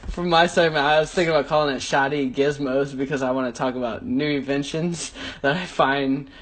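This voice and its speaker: A man's voice: medium pitch, fairly even intonation, a little fast, fairly bright tone. A man co-hosting a podcast in casual banter, rambling playfully and laughing often. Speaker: podcast co-host. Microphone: wireless mic.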